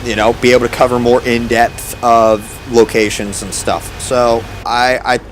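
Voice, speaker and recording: A man's voice: mid-range voice, little pitch movement, moderate pace, slight background noise, rough recording. A man streaming a game, chatting casually with a laid-back, sarcastic manner and casual swearing. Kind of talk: casual gameplay commentary.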